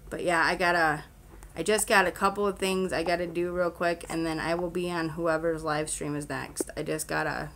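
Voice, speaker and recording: Her voice low-pitched but a bit bright, a young woman livestreams from a room at home where a fan is on, adding slight background noise. She films on a selfie-stick camera, chatting loosely with plenty of fillers and frequent laughs.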